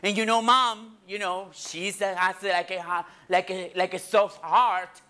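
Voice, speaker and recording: A woman's voice: medium pitch, steady tone, measured pace, bright, forceful tone. A woman playing her teasing older brother as a boy, mock-serious and sly.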